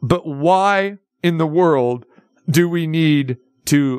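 A man's voice: a little high, slow pace, clean tone, dry recording. A man hosting a sports radio show, ranting with sarcastic asides. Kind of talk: casual sports talk radio rant.

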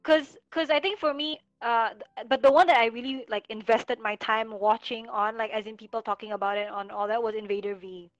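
A woman in casual chat, blunt and animated, swearing freely as she gives her opinions. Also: on the high side, a little fast, hardly any pauses, no room sound. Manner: blunt, animated when mimicking others. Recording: dull lo-fi audio with faint music.

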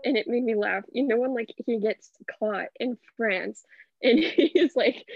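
Young woman rambling on a movie podcast, lots of "like", creaky voice, dull dry sound. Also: a little high, measured pace. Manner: rambling, heavy use of "like". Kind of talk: casual movie podcast chat.

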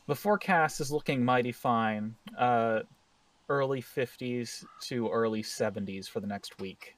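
A man's voice: mid-range voice, measured pace, distant mic. A man running a tabletop role-playing game as game master, narrating scenes in a casual, joking way and correcting himself as he goes.

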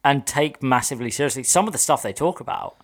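Mid-pitched guy on a podcast, dry and teasing, swears a bit. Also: lively intonation, fast. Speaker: podcast co-host. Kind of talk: casual chat.

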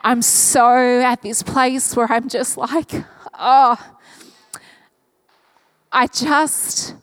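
A woman pastor speaking to her congregation in an earnest, open-hearted way, first in prayer and then in a sermon. Her voice sits a little higher than most women's, and the sound is dry and close with almost no room echo. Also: little pitch movement, slow pace, clear, resonant tone. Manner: earnest and candid, talking openly from the heart. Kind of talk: church service prayer and sermon.

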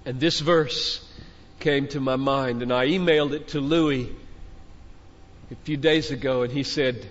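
An older man with a medium-pitched, fairly even and slightly slow voice preaches a fervent sermon to a conference crowd, exhorting listeners like a father addressing his children. He builds phrase by phrase, repeating lines with rising intensity. The recording from the large conference hall sounds dull, with long reverb.

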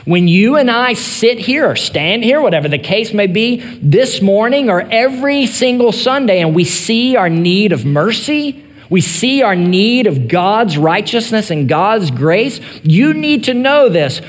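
A male pastor preaching an earnest sermon, rising in emphasis and then dropping to soft, quiet phrases. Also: high voice, big pitch swings, a little slow, big-room sound.

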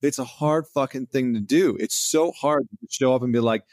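A man's voice: mid-range voice, normal speed, a little mellow, no room sound, clean studio sound. A man hosting a podcast interview, thinking aloud in a reflective way. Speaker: podcast host.

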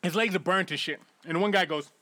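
A man's voice: high voice, fast, pushed and bright. A man telling long, profane stories in casual chat as a podcast co-host, putting on mocking voices when quoting people. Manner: profane, rambling storyteller.

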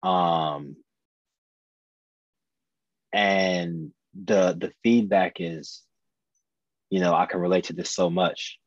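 A man's voice: low voice, steady tone, slow pace, pauses often, no echo, lo-fi sound. A man in his thirties, a podcast guest, telling a personal story earnestly and candidly, often restarting and repeating his phrases. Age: 30s.

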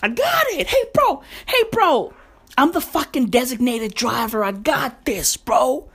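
A woman's voice: high voice, very animated, a little slow, fairly bright tone, slightly rough, pitched above the performer's own voice, heavily acted. A woman voicing her cocky teenage younger brother, who brags in swaggering slang. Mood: boastful.

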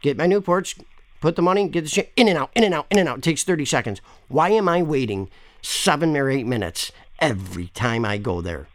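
A man's voice: on the high side, lively intonation, brisk, no room sound. A man making a prank call to a store, rambling, pushy and swearing often. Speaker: caller complaining to a store.

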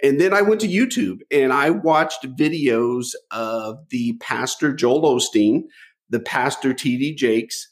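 A middle-aged man telling stories from his life as a podcast guest, animated, often repeating a word as he starts a thought. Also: mid-range voice, unhurried. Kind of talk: storytelling interview.

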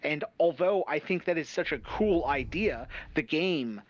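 A man's voice: on the high side, expressive, measured pace. A man co-hosting a podcast, telling stories animatedly in casual review chat and swearing freely. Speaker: podcast co-host. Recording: slightly dull, dry sound.

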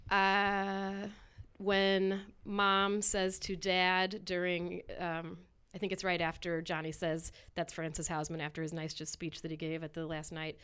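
A woman chatting casually on a podcast about a movie, animated and quoting lines. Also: on the low side, smooth. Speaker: podcast co-host. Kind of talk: casual chat.

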